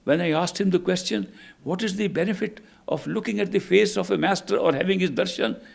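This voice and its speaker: A man voicing a male sage who anxiously asks questions, his voice gravelly and husky, rising on each question. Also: high-pitched, a little fast, voice pushed up, heavily acted. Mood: troubled.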